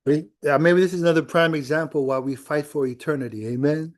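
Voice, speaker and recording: A man's voice: fairly high pitch, fast. A middle-aged male pastor preaching a sermon in a church, telling a personal story in a conversational way with quoted dialogue.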